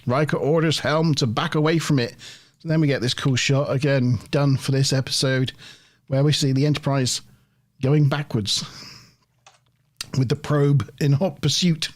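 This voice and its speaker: A man's voice: mid-range voice, fairly even intonation, normal speed. A man hosting a review podcast, casually recapping an episode scene by scene with a chatty, lightly laughing manner. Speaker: podcast host.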